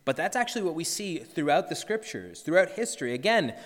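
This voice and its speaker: A man's voice: on the high side, very animated, brisk, a bit bright, long reverb tail. A man, a pastor, preaching an earnest sermon and acting out the disciples' cries.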